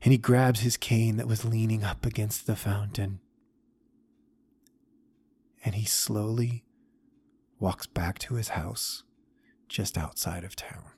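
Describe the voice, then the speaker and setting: A man hosting a podcast, telling a story in an earnest, halting way with restarts. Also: lowish voice, fairly even intonation, darkish tone, a little hiss or hum. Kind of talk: storytelling talk.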